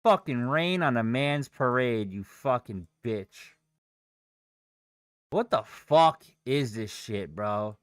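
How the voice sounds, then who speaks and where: A man's voice: mid-range voice, slow, hardly any pauses, fairly bright tone, clear, resonant tone, no echo, clean studio sound. Profane young man ranting at trades. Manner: profane, exasperated outbursts. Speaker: day trader streaming live. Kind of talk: live trading stream, frustrated ranting.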